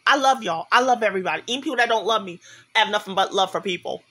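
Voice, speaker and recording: A man's voice: high voice, very fast, pushed and bright. A man speaking in an impassioned, preachy, repetitive monologue to his viewers, tearful as he talks. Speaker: vlogger. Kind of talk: emotional direct-to-camera monologue.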